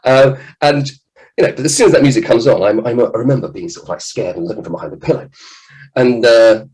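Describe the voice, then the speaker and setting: A man, a children's author, giving a lively, jokey talk to children at an event. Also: medium pitch, quick pace, low-quality recording. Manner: animated, jokey, acts out scared voices.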